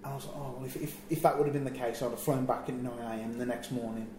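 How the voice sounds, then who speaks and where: A man's voice: medium pitch, very fast. A man recounts a trip gone wrong, slipping into the voices of the people in the story. His voice sits in a middle register. The room is echoey, with a faint hum of ambience behind him. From England. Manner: animated storyteller, acts out quotes. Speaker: wrestler telling a road story. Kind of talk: casual anecdote.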